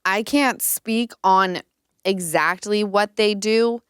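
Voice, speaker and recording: A woman in her thirties chats candidly on her own podcast, her voice smooth and resonant. The recording is dry and close. She tells her stories in an animated way, full of "like" fillers. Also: medium pitch, slow, no echo. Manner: candid, animated storytelling with frequent "like". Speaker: podcast host. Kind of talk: casual chat.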